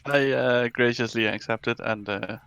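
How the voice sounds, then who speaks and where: A man's voice: mid-range voice, fairly even intonation, normal speed, fairly bright tone, clear, resonant tone, dull audio. A man speaking politely as a player in a tabletop game, with some hesitations. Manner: polite, in-character speech with hesitations. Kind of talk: casual tabletop game chat.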